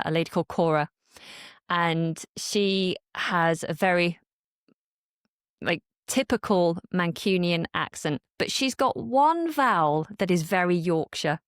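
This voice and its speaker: British woman on a podcast, lowish voice, dry close sound, gets animated explaining stuff. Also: clean tone, dry recording. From Britain. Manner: animated, explanatory, acts out reactions. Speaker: English teacher and guest. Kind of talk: podcast conversation. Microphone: studio podcast mic.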